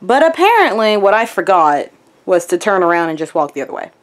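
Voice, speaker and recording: A young woman talks straight to her viewers in a casual vlog. Her speech is chatty and upbeat. Her pitch rises and falls a lot. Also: very animated, brisk, no echo. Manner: chatty and upbeat, high baby talk to her dog. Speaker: vlogger.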